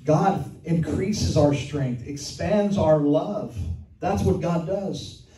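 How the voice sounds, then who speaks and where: An older man preaching a sermon as pastor, earnestly reading scripture and commentary aloud and slowing down for emphasis. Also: on the high side, mellow, slight background noise. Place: church sanctuary. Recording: echoey room, mic from far off.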